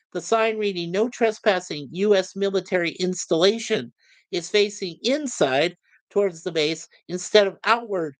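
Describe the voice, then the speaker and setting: Chuckling between pieces of trivia, a podcast host reads his chat aloud with filler pauses during a relaxed livestream review of a TV series. His voice is high and a bit bright, his manner friendly, and there's no room sound in the clip.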